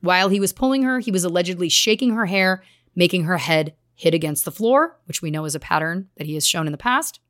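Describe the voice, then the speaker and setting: A woman's voice: fairly low pitch, animated, a little fast, a bit bright, no echo, studio quality. A woman co-hosting a true crime podcast, reading case details with earnest, grave emphasis. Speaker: podcast co-host.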